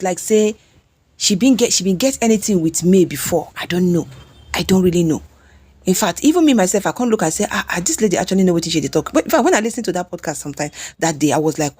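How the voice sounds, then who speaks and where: A Nigerian woman delivering gossip commentary in a husky, slightly low voice. She talks in a chatty, scolding way and switches freely between Pidgin and English. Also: a little mellow. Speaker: celebrity gossip vlogger.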